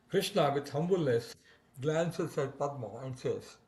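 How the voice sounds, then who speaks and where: Man quietly reading stage directions. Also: medium pitch, measured pace. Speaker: reader. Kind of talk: devotional drama reading.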